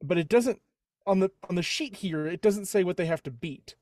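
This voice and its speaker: A man's voice: high-pitched, moderate pace, a little mellow, no echo, clean studio sound. A man playing a tabletop game, rambling and correcting himself as he thinks aloud. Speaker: player. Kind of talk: casual tabletop game chat.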